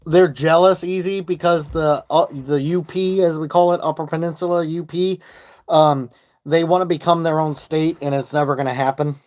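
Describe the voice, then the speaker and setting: A slightly high, slightly mellow male voice with fairly even intonation and a moderate pace. The speaker, from Michigan, chats casually on a live stream from his home basement using a phone, rambling, swearing and losing his way mid-thought.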